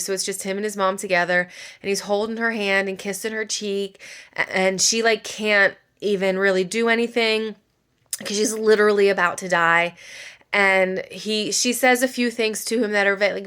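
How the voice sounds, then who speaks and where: A woman's voice: mid-range voice, steady tone, moderate pace, a bit bright, smooth. A woman, a mother, chatting casually about a book while doing her makeup, emotional and rambling, full of filler words. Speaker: book vlogger.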